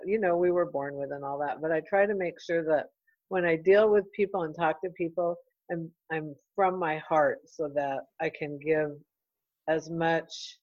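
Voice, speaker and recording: A middle-aged woman, a real estate broker, talking in an earnest, heartfelt and halting way as an interview guest. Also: low voice, dry recording, lo-fi sound. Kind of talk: casual interview chat.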